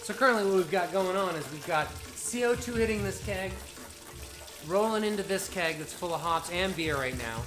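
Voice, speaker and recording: A man's voice: high voice, animated, moderate pace. A man hosting a casual livestream, explaining his homebrew setup with a playful, joking manner. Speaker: livestream brewing host. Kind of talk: casual chat. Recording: echoey room, faint music behind.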